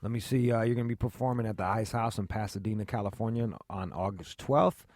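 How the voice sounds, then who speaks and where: A man's voice: lowish voice, quick pace, darkish tone, no room sound, clean studio sound. A man hosting a radio show, bantering in a laid-back way and cursing freely. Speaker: radio host. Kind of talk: casual radio talk. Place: radio studio in Los Angeles.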